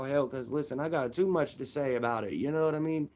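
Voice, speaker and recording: A man's voice: medium pitch, fairly quick, few pauses, darkish tone. A man in his thirties giving a heated, profane casual rant, repeating himself for emphasis. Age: 30s.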